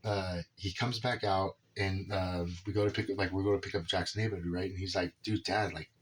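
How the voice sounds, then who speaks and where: A man's voice: deep voice, steady tone, a little fast, a little hiss or hum. A man rambling casually through a personal story about his son, filling his talk with "right?" and "dude". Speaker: father telling a personal story.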